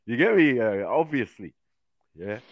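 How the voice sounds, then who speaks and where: A man's voice: mid-range voice, big pitch swings, measured pace, dry recording. A man chatting casually on a podcast, slangy, putting on voices and laughing often. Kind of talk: casual chat. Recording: dry, dull lo-fi sound.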